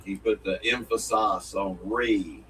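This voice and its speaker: A man's voice: lowish voice, a little slow, a bit bright, breathy edge. A man co-hosting a casual morning show, rambling and joking as he restarts sentences. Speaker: co-host. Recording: distant mic, faint room noise.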